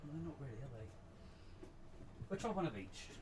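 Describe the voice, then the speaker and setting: A man hosting a casual live stream from his model railway, chatty, jokey and excitable. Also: on the high side, normal speed, noisy background. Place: indoors at a model railway layout.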